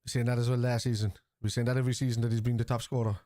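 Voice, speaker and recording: A man with a Cork Irish accent, streaming a live football watchalong, chatting casually and shouting at the referee and players. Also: medium pitch, level tone, rapid-fire. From Ireland. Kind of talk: live match reaction chat.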